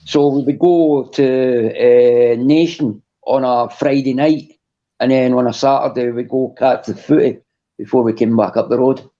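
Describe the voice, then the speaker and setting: Mellow man on a dull line. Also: mid-range voice, fairly even intonation, measured pace. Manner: laid-back, reminiscing. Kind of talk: casual online banter. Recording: lo-fi muffled audio.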